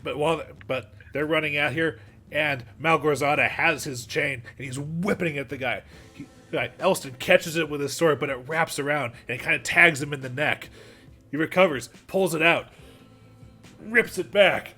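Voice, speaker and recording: A man narrating as game master for a tabletop game, quick and stumbling with restarts. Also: on the high side, sharp tone, soft background music.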